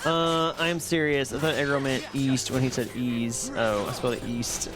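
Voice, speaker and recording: A man streaming live, chatting casually and excitably with his viewers while playing a game. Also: medium pitch, moderate pace, few pauses, over music. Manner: excitable, chatty, reads and answers chat.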